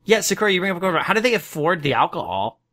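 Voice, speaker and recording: Animated bright-voiced man discussing a film. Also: sits high, very fast. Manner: rambling, animated, with frequent restarts. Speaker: podcast co-host.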